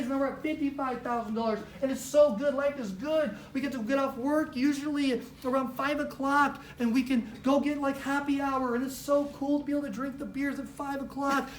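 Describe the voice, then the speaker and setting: A woman giving a casual motivational training talk to a live office audience, animated and chatty, filling her speech with "like" and acting out little quotes. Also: high-pitched. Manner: animated, chatty, heavy use of "like", acts out quotes. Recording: roomy live room with faint noise.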